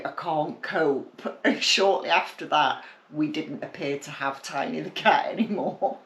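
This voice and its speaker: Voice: mid-range voice, a bit bright, a little hiss or hum. A podcast co-host, chatting casually and laughing while reminiscing about family memories. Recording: roomy echo.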